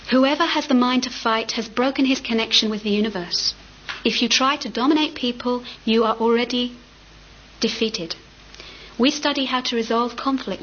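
Female storyteller, higher register, relaxed casual reading, muffled lo-fi recording with light hiss. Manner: casual, occasionally laughing and stumbling over words.

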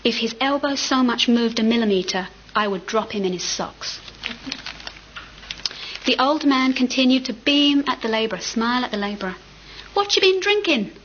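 A woman's voice: a little high, moderate pace, a bit bright. A woman reading a story aloud in a casual way, sometimes stumbling over words. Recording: muffled with faint hiss.

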